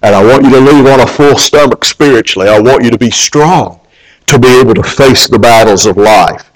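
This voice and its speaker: A man's voice: medium pitch, fairly quick, poor audio. A male pastor preaching a sermon in an earnest way, often restarting and repeating words.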